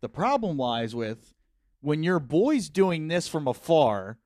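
A man's voice: a little high, very animated, slow, darkish tone, dry recording, studio quality. A man hosting a podcast, telling a party story in casual chat, often laughing, swearing and acting out what people said. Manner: laughing, swearing, acts out quotes. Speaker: podcast host.

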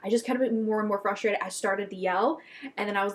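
A young woman co-hosting a casual podcast chat, telling stories with lively acted-out quotes. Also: medium pitch, fast. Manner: animated storytelling, acts out quotes loudly. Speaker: podcast co-host.

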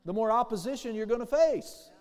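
This is a male pastor preaching fairly quickly in a high, mellow voice, inviting amens and voicing the people he quotes. His words echo into a hall with an extended reverb tail.

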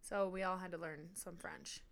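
A woman's voice: on the low side, fairly even intonation, moderate pace, gravelly. A woman co-hosting a casual podcast chat at home, playful and teasing, laughing easily. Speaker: podcast co-host. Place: home, at a table.

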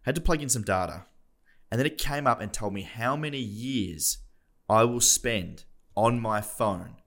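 A man's voice: lowish voice, normal speed, fairly bright tone. A young man, co-hosting a podcast in casual, self-deprecating chat. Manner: self-deprecating, rambling with restarts. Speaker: podcast co-host.

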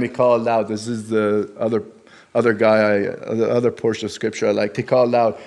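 His voice is fairly low, level, and somewhat dark as this lay preacher gives a sermon at a church service. He speaks plainly and earnestly, stumbling into restarts and stressing quoted Scripture with rising force.

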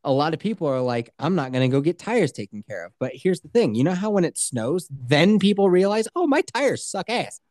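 A woman's voice: deep voice, sing-song, a little fast, hardly any pauses, darkish tone, no echo, studio quality. A woman co-hosting a podcast, telling a long story in a casual way, cursing freely and acting out what other people said. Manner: swears freely and acts out other people's voices. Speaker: podcast co-host.

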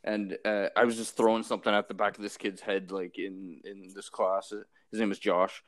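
A man's voice: lowish voice, little pitch movement, moderate pace, no echo, studio quality. A young man in casual chat, laid-back and slangy, calling people bro and dude.

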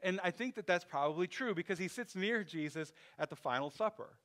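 A man's voice: high voice, expressive, brisk, a bit bright. A man preaching a sermon in a loose, conversational way, thinking aloud with restarts and asides. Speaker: pastor.

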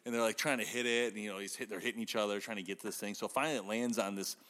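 A man's voice: fairly low pitch, steady tone, racing, fairly bright tone, big-room sound. A man hosting a podcast, chatting casually and rambling through stories with frequent laughs. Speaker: podcast host.

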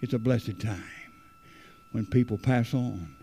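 Gravelly man preaching a rambling sermon. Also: medium pitch, slow pace, warm tone. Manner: earnest, rambling, repeats phrases. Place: church.

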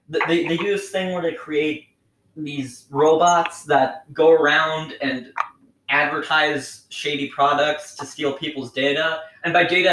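A man's voice: a little high, fairly bright tone. A man hosting a podcast, asking questions hesitantly and stammering now and then. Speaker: podcast host. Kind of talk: casual podcast interview. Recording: echoey room with faint noise.

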